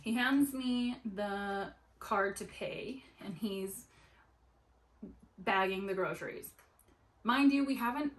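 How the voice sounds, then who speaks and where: A young adult woman vlogging while she sews, telling a story in an animated way with lots of "like" fillers. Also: medium pitch, rough recording. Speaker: sewing vlogger. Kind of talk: casual chat while sewing. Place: at home at a sewing table.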